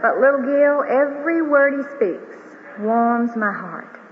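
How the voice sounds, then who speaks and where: A woman's voice: sits high, expressive, measured pace, noisy background. Older woman giving heartfelt testimony. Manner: earnest, heartfelt storytelling. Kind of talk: religious testimony to a large audience. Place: large hall before an audience. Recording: tinny broadcast of a hall with reverb.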